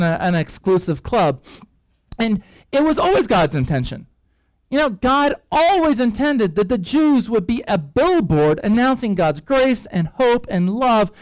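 High-voiced man teaching a lively sermon. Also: no echo, low-quality recording. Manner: lively storyteller, acts out characters' reactions; rambling with frequent fillers and asides. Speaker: pastor. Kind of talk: sermon-style Bible teaching.

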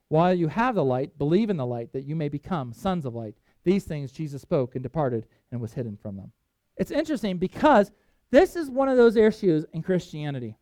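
A man preaching a sermon, reading scripture aloud with emphatic swings in loudness. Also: fairly high pitch, dry recording. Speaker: pastor.

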